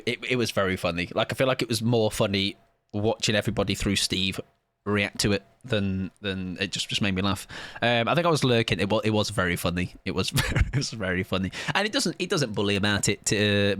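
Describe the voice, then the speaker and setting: Lively streamer man, bright voice. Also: fairly low pitch, no room sound. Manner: joking, self-mocking, rambling. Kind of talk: live gaming stream chatter.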